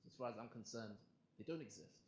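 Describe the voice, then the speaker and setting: A man's voice: mid-range voice, quick pace, very noisy. A young man with an English accent performing a stand-up comedy set in a club, talking to the crowd in a punchy, conversational way. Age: young adult. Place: comedy club in front of a live audience. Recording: echoey club room with audience laughter.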